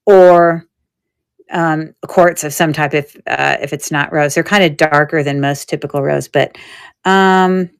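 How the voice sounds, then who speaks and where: A woman with a smooth, clear voice hosts a live jewelry sale at an unhurried pace. Her talk is chatty and wandering, and she thinks aloud about each piece. The delivery stays casual and easygoing. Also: sits low. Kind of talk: casual live-stream selling chat.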